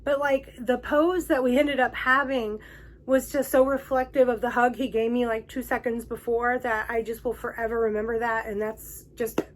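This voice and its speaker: A woman's voice: a little high, fairly even intonation, moderate pace, poor audio. A woman hosting her own vlog, telling a personal story in a gushing, emotional way and laughing often between words. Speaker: vlog host.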